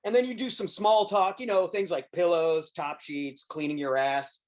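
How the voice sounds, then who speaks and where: A man on a comedy podcast describing a joke idea, halting with lots of uh's and breaking into laughs. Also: on the high side, fairly even intonation. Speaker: podcast co-host. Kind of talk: casual comedic chat.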